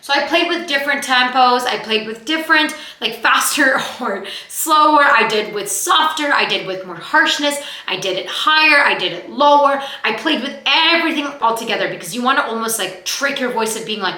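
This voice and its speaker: Young female acting coach, quick and chatty, highish tone, roomy sound. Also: lively intonation, pushed and bright. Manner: fast-talking, chatty, demonstrates exercises aloud. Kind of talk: vocal warmup tutorial.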